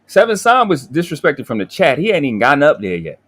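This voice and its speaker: A man's voice: fairly high pitch, wildly swooping pitch, fast, a bit bright. A man hosting a live stream, ranting angrily with profanity and frequent restarts. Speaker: livestream host. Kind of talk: heated livestream talk.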